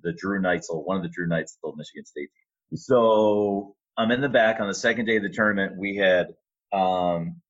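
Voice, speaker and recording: A middle-aged man, an arena announcer, telling a relaxed story with fillers in a casual interview. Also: low-pitched, normal speed, dull audio. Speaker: arena announcer and sports media relations staffer.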